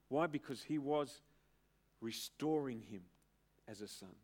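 A middle-aged man preaching a sermon as pastor, emphatic, with dramatic pauses and build-ups. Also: mid-range voice, lively intonation, a little mellow.

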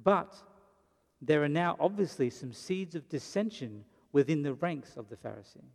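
A man's voice: on the high side, lively intonation, normal speed. A man preaching a sermon, telling the story dramatically and briefly acting out the lines of the people in it. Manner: dramatic storytelling, acts out quotes. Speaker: pastor. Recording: long reverb of a hall.

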